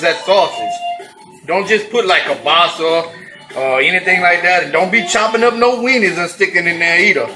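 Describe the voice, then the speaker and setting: A man's voice: high-pitched, low-quality recording. A man hosting a casual cooking demonstration, exuberant and folksy with whooping exclamations. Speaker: cooking show host.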